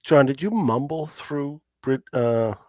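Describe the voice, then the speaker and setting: A man's voice: mid-range voice, slow, a little mellow, lo-fi sound. A man co-hosting a casual livestream talk show, cutting in with blunt, teasing remarks. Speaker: podcast co-host.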